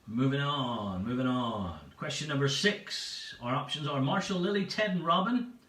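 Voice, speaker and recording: A man's voice: medium pitch, normal speed, fairly bright tone, recorded from a distance. A man hosting a livestreamed pub quiz in a chatty way, repeating each question and laughing at his own jokes. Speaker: quiz host. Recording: echoey room, away from the mic.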